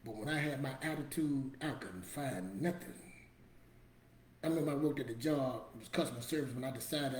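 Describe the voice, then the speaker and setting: Speaking a little fast in a mid-range voice, the middle-aged host of a motivational show keeps repeating his points, colloquial, emphatic and preachy yet casual. The audio has a little hiss or hum, a roomy echo and faint ambience.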